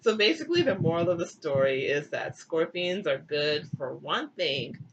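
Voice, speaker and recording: A woman's voice: deep voice, big pitch swings, moderate pace, lo-fi sound, slight background noise. A young woman retelling a myth in a giggly, irreverent comic style with crude asides. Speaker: comedic storyteller.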